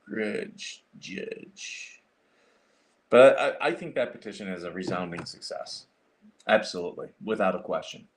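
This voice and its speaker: Rambling low-voiced man chatting on livestream. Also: lively intonation, brisk. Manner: rambling, with many fillers and restarts while working on a computer. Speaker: livestream host. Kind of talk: casual livestream chat.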